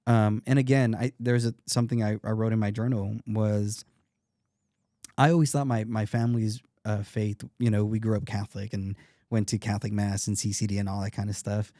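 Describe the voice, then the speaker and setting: Earnest guy on a podcast, mellow dark voice, keeps restarting, dry close sound. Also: lowish voice, flat delivery, a little fast, dry recording. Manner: earnest, reflective, many restarts. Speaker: podcast guest. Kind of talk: casual interview talk.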